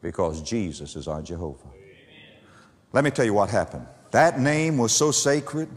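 A man preaching a sermon, building phrases with dramatic rises and drops and repeating key words for emphasis. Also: medium pitch. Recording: long hall reverb.

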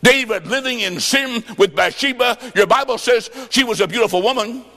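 A man preaching a sermon, telling a story with sudden shouts and sing-song phrases. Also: extremely high pitch, moderate pace. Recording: long reverb of a large hall.

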